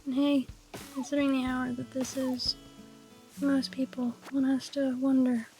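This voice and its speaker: A woman streamer whispering softly in a raspy voice, musing playfully and with mock grandeur as she chats over her game. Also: sits high, flat delivery, unhurried, soft background music. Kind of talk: casual gameplay chat.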